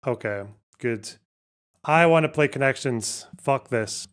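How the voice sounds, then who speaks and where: A man's voice: mid-range voice, a little slow, clear, resonant tone. A man hosting a casual livestream, thinking aloud and muttering over a word puzzle, swearing now and then. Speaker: livestream host.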